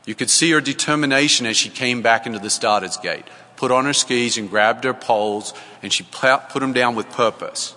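A man's voice: mid-range voice, moderate pace, pushed and bright. Earnest man telling a story in a big hall. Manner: storytelling, earnest, acts out dialogue. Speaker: sports coach giving a talk. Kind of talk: church talk.

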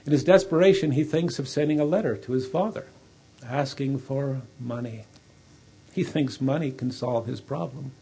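Brief: male preacher, gravelly and unhurried, telling a sermon story vividly. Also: medium pitch, warm tone. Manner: slow, vivid, dramatic retelling.

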